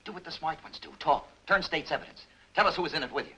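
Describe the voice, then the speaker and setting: A middle-aged actor playing a tough, stubborn police captain who presses hard and talks forcefully. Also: male voice, fairly high pitch, husky, heavily acted, poor audio. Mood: interrogating. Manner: forceful, pressing, rapid interrogator.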